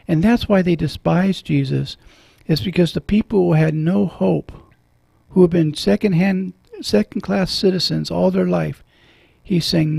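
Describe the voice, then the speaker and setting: A man's voice: high-pitched, unhurried, creaky, warm tone, breathy edge, dry recording. A middle-aged man hosting a radio talk show from a studio, earnest and preacherly, moved when he quotes scripture.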